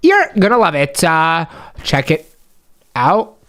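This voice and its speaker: A woman hosting a game role-play, talking in an excitable, dramatic, slangy way. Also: sits low, takes it slowly. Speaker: host.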